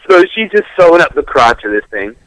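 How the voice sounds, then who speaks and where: Man, crude storyteller, lively pitch, bright voice, dry close sound. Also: no echo, poor audio. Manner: profane, animated, laughing through the story.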